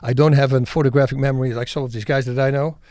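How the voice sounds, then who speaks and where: A middle-aged man from the Netherlands, telling stories as a podcast guest in an animated, emphatic way and acting out scenes. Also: mid-range voice, rapid-fire, no room sound, clean studio sound. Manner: animated, emphatic storyteller who acts out scenes. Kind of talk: podcast interview storytelling.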